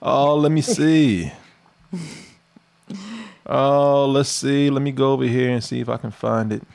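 A man's voice: mid-range voice, a little slow, creaky, a little mellow. A man hosting a stream, joking around in casual chat and laughing often. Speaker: stream host.

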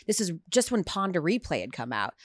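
Lively, chatty American woman host. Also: lowish voice, a little fast, no room sound, studio quality. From United States. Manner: chatty, animated, heavy use of "like". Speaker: podcast host. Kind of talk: casual chat.

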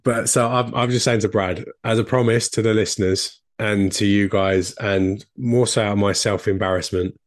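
Cockney guy on a sports podcast, a bit low voiced, chatty, dry close sound. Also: steady tone, moderate pace, hardly any pauses, no room sound. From England. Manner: chatty, enthusiastic, repeats himself when thinking. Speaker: podcast co-host. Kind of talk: casual sports chat.

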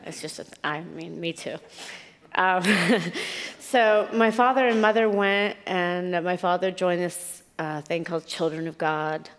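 A woman's voice: on the low side, measured pace, clean tone, long reverb tail. A woman guest on stage, born in Italy, telling candid stories with self-mocking asides. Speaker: interview guest, author. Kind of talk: on-stage conversation.

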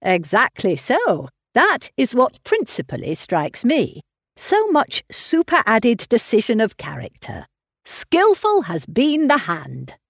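A woman voicing a gallant, fawning young gentleman, effusive and flattering in a slow, eager manner. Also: a little high, vocal fry, no room sound, clean studio sound, voice pushed up, full character voice. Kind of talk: audiobook character reading.

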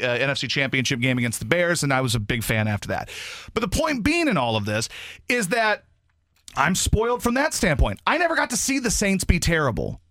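A lively, excitable man talks sports on the radio, his pitch jumping all over as he rants. His voice sits a bit high for a man, and the studio sound is close and dry. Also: dry recording. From grew up in Baton Rouge, Louisiana. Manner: animated, ranting, mocks fans in high squeaky put-on voices. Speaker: radio fill-in host. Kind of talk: sports talk radio rant. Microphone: studio microphone.

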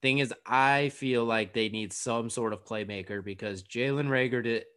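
A man's voice: mid-range voice, normal speed, a bit bright, clear, resonant tone. A man co-hosting a casual sports podcast, chiming in with dry jokes. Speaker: podcast co-host.

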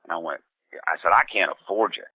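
A low-voiced man spins a loose, rambling yarn, stopping and restarting with plenty of "uh"s. His voice comes over a tinny, phone-like line with no room sound around it. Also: brisk, no room sound. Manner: rambling, laid-back, many fillers and restarts, quotes others in voices. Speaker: musician guest. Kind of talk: casual anecdotal storytelling.

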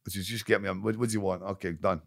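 A man guest with a gravelly, rough-edged voice, speaking bluntly and cursing freely. He stumbles and repeats words as he gathers his thoughts. The sound is dry and close to the mic. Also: deep voice, fairly even intonation, no echo. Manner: blunt and profane, swears freely; halting, repeats words while searching. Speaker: podcast guest, actor. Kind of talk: casual interview chat.

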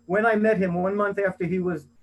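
A man giving an earnest, somewhat rushed talk on a video-call panel, raising his voice on quoted lines. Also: sits high, steady tone, rough recording.

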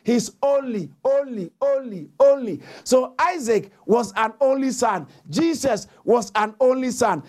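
A preacher delivering a sermon, reading scripture aloud, repeating key phrases for emphasis and calling on the congregation to answer. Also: mid-range voice. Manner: reads scripture aloud with frequent self-corrections.

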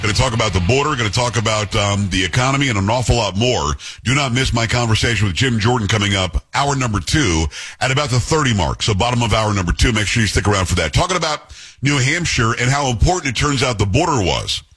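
Male talk radio host: bright, slightly husky tone, chatty and exasperated. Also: mid-range voice, lively intonation, quick pace, soft background music. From Texas. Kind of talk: casual talk radio monologue.

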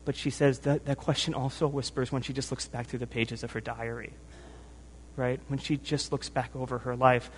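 Medium-pitched with little pitch movement, this man speaks at a moderate pace over a faint hiss or hum. Preaching in a church hall with long reverb, he's earnest, emotional and a bit sleep-worn, often restarting phrases and checking in with "right?".

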